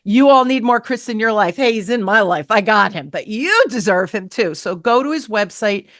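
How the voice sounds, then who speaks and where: A middle-aged woman hosting a sales podcast, telling stories in a lively way and acting out the voices of the people she quotes. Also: medium pitch, moderate pace, no room sound, clean studio sound. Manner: animated, acts out quoted voices. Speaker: podcast host. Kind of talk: storytelling interview chat.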